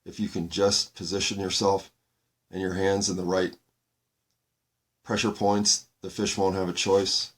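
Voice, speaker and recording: A man hosting a solo podcast, talking in a slow, halting way as he searches for words, his voice breaking with tears. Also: sits low, little pitch movement. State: tearful, voice breaking. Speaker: podcast host. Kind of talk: reflective solo monologue.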